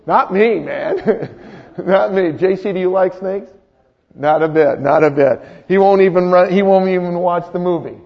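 High-voiced pastor preaching in a hall. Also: male voice, a little slow, vocal fry. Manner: conversational, quizzes the congregation. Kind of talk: sermon. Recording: echoey hall, dull lo-fi sound.

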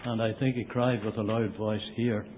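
A man's voice: on the low side, little pitch movement, moderate pace. A man making a plain, earnest comment in a Bible study discussion. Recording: tinny phone-line recording with faint hiss.

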